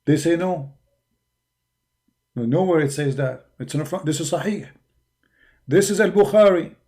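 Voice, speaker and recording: A man's voice: fairly high pitch, normal speed, a little mellow. Combative man with an Arabic accent. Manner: combative, mocking, emphatic. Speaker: religious debater. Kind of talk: polemical monologue.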